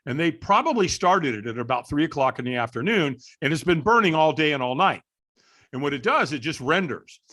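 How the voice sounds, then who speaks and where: A middle-aged man with a slightly high voice tells a story in a podcast interview. His pitch swings widely as he throws himself into the tale and acts out other people's lines. He comes across as an animated storyteller. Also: a little fast. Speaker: guest, firewalk instructor.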